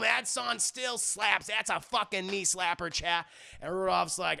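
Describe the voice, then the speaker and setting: Guy streaming a sweary movie recap, high gravelly voice, rambly and crude. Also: moderate pace, sharp tone. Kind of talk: casual profane movie recap.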